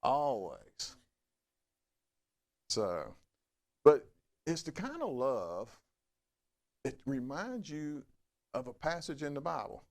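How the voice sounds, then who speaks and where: A middle-aged man preaching a sermon in a folksy, conversational way. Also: vocal fry. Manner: folksy, conversational preaching with lively swings in pitch. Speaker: pastor.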